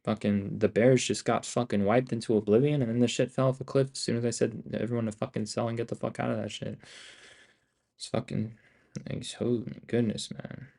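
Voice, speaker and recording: A young man streaming his day trading live, talking in a profane, excitable, rambling way and repeating himself. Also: mid-range voice, brisk, vocal fry.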